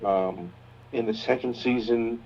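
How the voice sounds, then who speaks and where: A man with a husky voice chats earnestly on a podcast, often restarting his sentences. His voice comes through a dull, lo-fi recording. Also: mid-range voice, a little slow, a little mellow. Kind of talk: casual chat. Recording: dull lo-fi sound.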